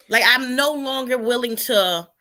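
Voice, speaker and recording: A woman's voice: on the high side, bright, forceful tone. A woman appearing as a guest in a casual chat, speaking bluntly and emphatically.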